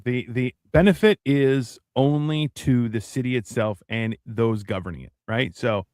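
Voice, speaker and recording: A man co-hosting a casual, profane podcast chat, rambling and animated, often acting out other people's voices. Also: mid-range voice, a little slow, no echo, studio quality. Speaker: podcast co-host.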